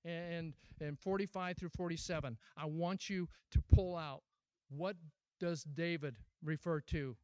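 A man preaching a sermon as pastor, asking many rhetorical questions and repeating his words, moving from loud urgent appeals to a quiet closing prayer. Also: fairly high pitch, fairly even intonation, measured pace, clear, resonant tone, dry recording.

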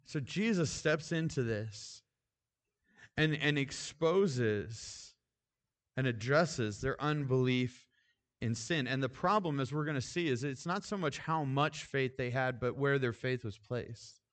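A man's voice: mid-range voice, measured pace, fairly bright tone. Man preaching in a casual, conversational way. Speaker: pastor. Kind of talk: sermon.

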